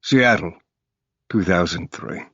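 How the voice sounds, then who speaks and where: A man narrating an audiobook in first person, measured and grave. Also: low-pitched, a bit bright, slightly rough, no room sound, lo-fi sound.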